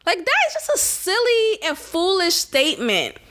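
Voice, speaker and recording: A young woman co-hosting a podcast delivers casual, animated commentary at a moderate pace. Her high voice is bright and forceful, and she's sarcastic and quick to laugh.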